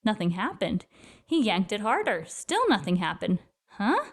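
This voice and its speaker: A woman reading a children's picture book aloud in an expressive, lively storyteller manner. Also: mid-range voice, normal speed.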